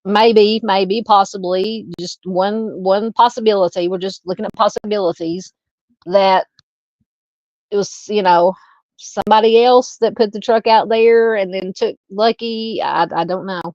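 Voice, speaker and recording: A woman from Arkansas with a Southern Arkansas accent, hosting a true crime live stream, thinking aloud in a halting way while she reads and answers viewer comments. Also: medium pitch, fairly even intonation, darkish tone, dry recording, muffled recording.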